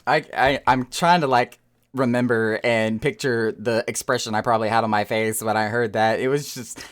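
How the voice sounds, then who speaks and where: Talking with a live audience while gaming, this streamer is animated and laughs a lot, sometimes repeating words or letting sentences trail off mid-search. Pitch sits in the middle range.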